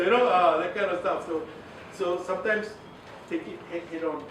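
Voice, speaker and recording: A man's voice: sits high, fairly quick, a bit bright. A man giving a chatty training lecture, full of fillers and asides. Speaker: communications trainer. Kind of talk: informal workshop lecture. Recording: echoey room from far off, faint hiss.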